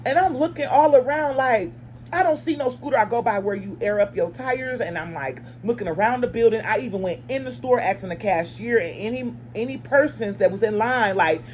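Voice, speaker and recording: A woman with a fairly high voice tells her viewers a story in an emphatic, swearing, fast-shifting way. Her delivery is animated and direct, and she keeps calling her audience y'all. A faint hum sits under the recording. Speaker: storytime vlogger.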